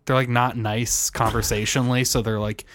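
A man's voice: mid-range voice, little pitch movement, moderate pace, a bit bright, a little hiss or hum. A man co-hosting a comedy podcast, spinning joking hypotheticals in casual chat. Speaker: podcast co-host.

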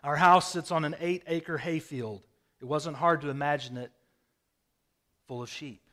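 A male pastor preaching in a storytelling style, his voice sitting a little higher than most men's. He swings from loud, emphatic bursts down to quiet, drawn-in phrases. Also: unhurried. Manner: storytelling, dramatic swings in loudness. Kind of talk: sermon. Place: rural home with a hayfield.

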